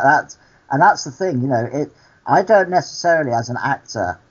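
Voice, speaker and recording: A male actor and activist, appearing as a guest in a candid interview, tells stories earnestly and without hurrying. His mid-range voice has a breathy edge, and the sound is lo-fi.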